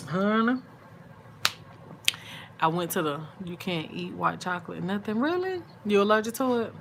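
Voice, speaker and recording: A middle-aged woman talks on a late-night livestream, sleepy and yawning. Her voice sits a little low, and she draws her words out in an easy, chatty way with soft murmured asides. A faint hiss runs underneath. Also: vocal fry. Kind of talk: casual late-night chat with viewers.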